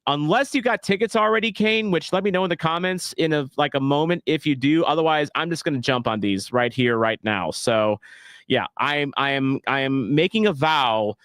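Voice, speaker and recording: A man's voice: a little high, moderate pace, fairly bright tone, no echo, studio quality. A man casually calling a soccer match on a live stream, rambling and joking at his own expense. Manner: rambling, jokey, self-deprecating. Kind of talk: casual live play-by-play reaction.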